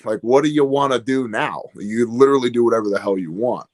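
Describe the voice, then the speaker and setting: A man's voice: mid-range voice, quick pace, a little mellow. A man talking casually as a podcast guest, rambling and storytelling with lots of fillers. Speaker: guest, business owner.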